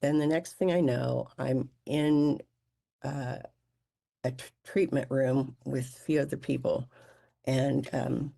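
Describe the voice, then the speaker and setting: A guest shares a near-death experience as personal testimony. The voice is gravelly and husky with a mellow, dark tone. The telling is halting, full of restarts and stammers. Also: medium pitch, steady tone.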